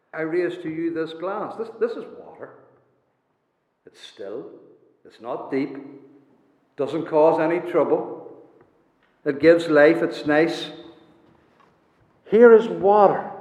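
A man's voice: a little high, darkish tone. A man preaching a sermon, emphatic and repeating his key words for weight. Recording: echoey hall, dull lo-fi sound.

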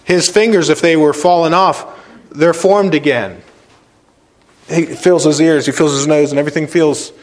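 A male pastor delivers a sermon in a somewhat high voice. He preaches with emphasis, repeating phrases and swinging from loud stressed words to quiet, slow points.

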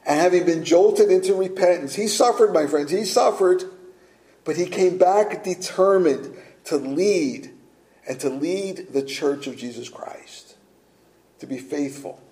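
A man's voice: a little high, unhurried, dark tone, roomy sound, rough recording. A man preaching a sermon as pastor, earnest and direct, asking his listeners rhetorical questions.

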